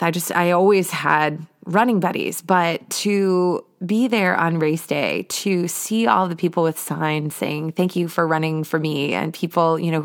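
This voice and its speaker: Chatty woman with a low voice. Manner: chatty, says "like" often; lively, acts out her own past thoughts. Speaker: podcast host. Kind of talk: personal storytelling.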